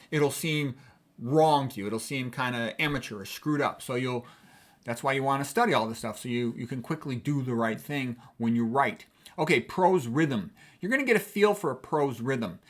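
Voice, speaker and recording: A man's voice: mid-range voice, fairly bright tone. A middle-aged man teaching writing in a casual, conversational lecture, often checking in with "okay". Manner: conversational, chatty, punctuates with "okay".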